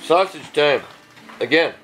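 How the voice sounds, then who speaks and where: Man cooking at home, lively and joking. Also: fairly high pitch, measured pace, faint music behind, poor audio. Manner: joking, coaxing, talks others into tasting. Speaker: home cook vlogger. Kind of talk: casual cooking vlog. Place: home kitchen.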